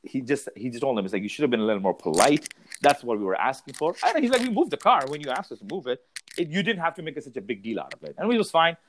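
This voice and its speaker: A man's voice: medium pitch, wildly swooping pitch, fast talker, slight background noise, rough recording. A man in casual chat, animatedly telling a story and acting out what others said, laughing along the way.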